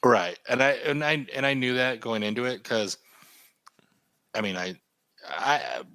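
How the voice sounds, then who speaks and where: A man's voice: mid-range voice, measured pace, dry recording. A man in his thirties co-hosting a casual podcast, rambling animatedly about video games over a remote call. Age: 30s. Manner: rambling, animated gamer talk. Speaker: podcast co-host. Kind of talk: casual chat. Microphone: remote call mic.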